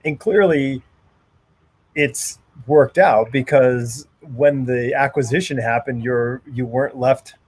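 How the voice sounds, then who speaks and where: A podcast host puts casual questions to his guest. His voice is husky and sits at a middle pitch, and he halts and restarts as he gropes for the words. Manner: halting, restarts sentences.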